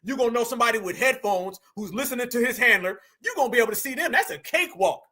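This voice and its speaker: A man's voice: very high-pitched, expressive, quick pace, pushed and bright. A man giving slangy, preachy commentary straight to his online audience.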